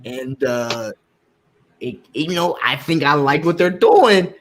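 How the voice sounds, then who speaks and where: A man hosting a podcast, telling stories in casual chat, animated and swearing freely. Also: fairly high pitch, slow, over music. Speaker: podcast host.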